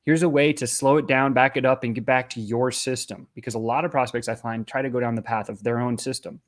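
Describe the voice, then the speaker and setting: A man in the role of a sales coach, teaching in an easy conversational manner. His voice sits at a middling pitch, and he keeps checking in with a quick "right?" as he explains. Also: steady tone. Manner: conversational, often tags lines with "right?". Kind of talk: instructional talk to camera.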